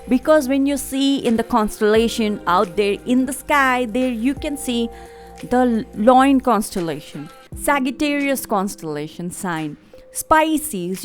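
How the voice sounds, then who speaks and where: A woman with an Indian accent, hosting her own channel and giving a fervent, preachy spiritual talk with repeated phrases. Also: fairly high pitch. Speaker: tarot reader and channel host. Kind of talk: spiritual monologue to camera.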